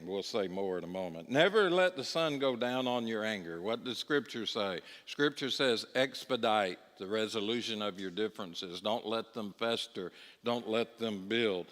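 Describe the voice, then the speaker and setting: With a lowish, fairly bright voice, a middle-aged man teaches a Bible class at church, chatting conversationally and often asking if his listeners agree. The sound carries a long church-hall reverb.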